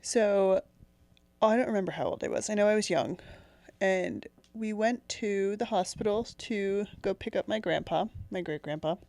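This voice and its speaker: A woman's voice: medium pitch, normal speed, darkish tone, no echo. A young woman podcast co-host telling a long personal story in casual chat, chatty and giggly.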